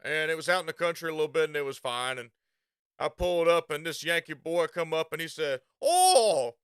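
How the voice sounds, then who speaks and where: A man's voice: fairly high pitch, steady tone, quick pace, fairly bright tone, clean tone, dry recording, studio quality. A man with a Southern US accent telling a rambling, profane story and laughing at himself. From Southern United States. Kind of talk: casual storytelling.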